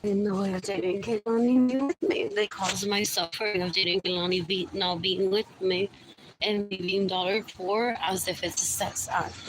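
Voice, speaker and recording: In a mid-range, steady voice, a woman speaks unhurriedly over a noisy background during her live stream. The monologue wanders as she mutters, repeats herself and moves between English and Spanish.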